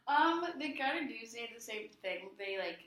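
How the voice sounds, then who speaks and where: A woman's voice: fairly high pitch, lively intonation, moderate pace, fairly bright tone. A young woman talking casually as a counseling client, chatty with lots of fillers, often acting out what others say. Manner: chatty, many fillers, acts out quoted friends. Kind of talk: casual conversation. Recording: echoey room.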